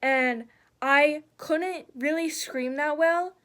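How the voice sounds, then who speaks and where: Speaking slowly in a high voice, a young woman tells a story while doing her makeup. Her manner is casual, with lots of cursing and an animated retelling.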